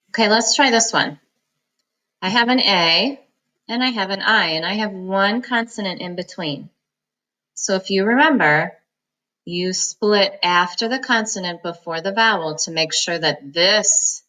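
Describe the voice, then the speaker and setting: A woman reading teacher giving a phonics lesson, slowly breaking words into syllables and sounds in a patient, encouraging manner. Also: fairly low pitch, bright, forceful tone, low-quality recording.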